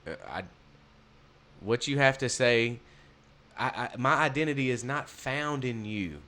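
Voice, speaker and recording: A man's voice: mid-range voice, a little slow, bright, forceful tone. A man with a Southern US accent co-hosting a podcast, chatting casually with sarcastic jokes. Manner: joking, sarcastic asides. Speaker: podcast co-host. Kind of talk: casual chat.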